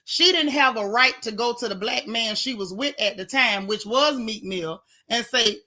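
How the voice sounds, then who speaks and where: Woman, vlog commentary, indignant, sarcastic, bright, higher pitch. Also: normal speed, few pauses. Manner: indignant, sarcastic, talks straight to viewers. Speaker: gossip vlogger. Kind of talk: casual commentary.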